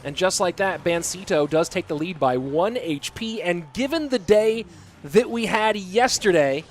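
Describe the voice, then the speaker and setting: A man casting live esports play-by-play, chatty and reading out viewer messages between plays, getting excited at big plays. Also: sits high, measured pace. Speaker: esports caster and stream host. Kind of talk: live play-by-play game commentary.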